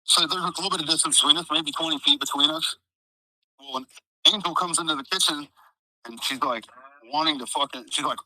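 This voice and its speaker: Speaking quickly in a slightly high, bright voice with a forceful edge, this Midwestern American man recounts events as an interviewee and trial witness. He rambles, leans on fillers, curses openly and performs other people's lines. The audio is dry and poor.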